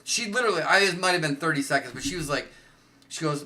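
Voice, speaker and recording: Middle-aged male podcast host, crude and animated storyteller, bright, raised voice. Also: on the high side, fast. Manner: crude, animated storyteller who acts out quotes. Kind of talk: casual storytelling chat.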